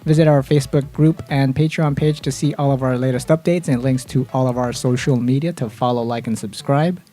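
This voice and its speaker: A man's voice: mid-range voice, fairly even intonation, brisk, dark tone. A man hosting a gaming podcast, chatting casually with friends, laughing often and reading an upbeat sign-off. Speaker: podcast host.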